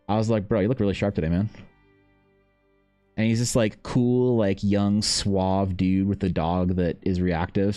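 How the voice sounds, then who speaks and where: A man's voice: low-pitched, mellow. A young man streaming live, chatting casually with viewers, rambling, swearing freely, and calling everyone man or bro. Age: young adult. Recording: faint music behind.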